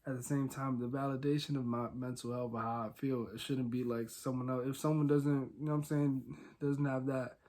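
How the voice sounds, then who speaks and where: A young man hosting a solo podcast, talking casually and candidly, rambling with many fillers and swinging between quiet and loud. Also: mid-range voice, level tone, moderate pace. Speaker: podcast host.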